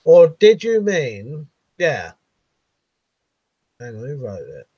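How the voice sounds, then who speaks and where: Husky-voiced Southern English man, casual stream chat. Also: on the high side, sing-song, slow pace, a little mellow, dry recording, lo-fi sound. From Buckinghamshire, England. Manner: reads viewer comments aloud, laughs often, swears casually. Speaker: live-stream host.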